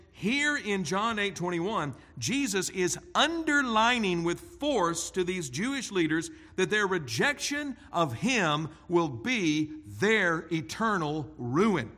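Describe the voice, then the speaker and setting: A man preaching an expository sermon in a deliberate, emphatic way. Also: a little high, pushed and bright. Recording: long hall reverb.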